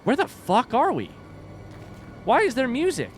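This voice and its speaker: A man streaming a horror game with casual commentary, animated and wry, swearing and joking as he plays. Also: very high-pitched, measured pace, soft background music. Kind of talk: casual let's-play commentary.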